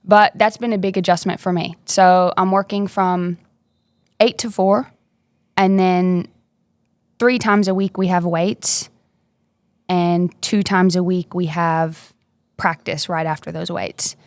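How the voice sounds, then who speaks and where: A young woman who plays basketball chats casually as a guest on a podcast, upbeat and quick to laugh in this relaxed interview. Her lowish voice has fairly even intonation, and she speaks slowly, pausing often. The recording is dry.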